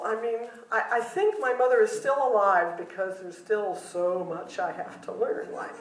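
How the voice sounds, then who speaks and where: A woman's voice: medium pitch, very animated, moderate pace, hardly any pauses. An older woman telling a personal story at a retreat, self-deprecating and humorous, laughing often. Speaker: retreat speaker. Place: retreat meeting room. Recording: roomy hall, mic far off.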